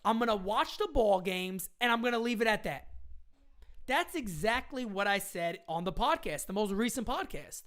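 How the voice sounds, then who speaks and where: Animated woman hosting a fan livestream. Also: medium pitch, moderate pace. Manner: animated, repeats points for emphasis, reads viewer questions; slangy fan talk, occasional swearing. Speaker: live stream host. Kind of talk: casual live stream chat.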